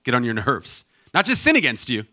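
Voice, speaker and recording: A male pastor preaching a sermon in a relaxed, storytelling way, with lots of fillers and restarts. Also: mid-range voice, fairly quick. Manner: storytelling, conversational with many fillers.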